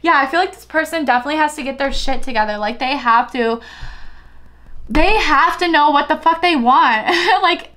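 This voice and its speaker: A woman's voice: high-pitched, moderate pace, bright, forceful tone. A young woman giving a casual tarot reading, chatty and giggly, swearing freely as she talks. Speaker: tarot reader.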